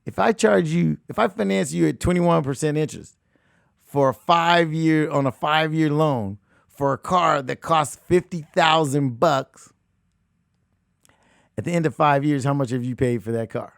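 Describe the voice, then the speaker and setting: A man hosting a money talk show as a real estate coach, talking emphatically, repeating phrases and swinging between loud outbursts and hushed asides. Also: a little high, moderate pace, creaky, no room sound, studio quality. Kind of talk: animated motivational talk.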